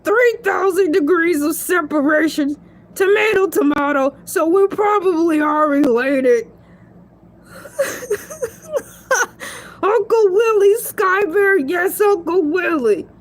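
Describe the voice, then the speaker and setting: A woman's voice: very high-pitched, takes it slowly, pauses often. A woman voicing a goofy, rambling male shark celebrity who giggles and stretches his words out in a comedic monologue. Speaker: show guest.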